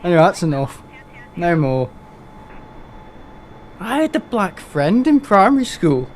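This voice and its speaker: A man's voice: sits high, very animated, unhurried, a little hiss or hum. A young man, chatting casually and rambling through a live gaming stream, laughing often and poking fun at himself.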